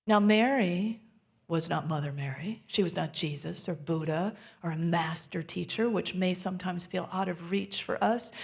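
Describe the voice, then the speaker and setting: A woman minister delivers a sermon in a low voice with a gravelly, creaky edge. Her delivery is gentle and intimate, often dropping to a soft near-whisper. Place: church sanctuary.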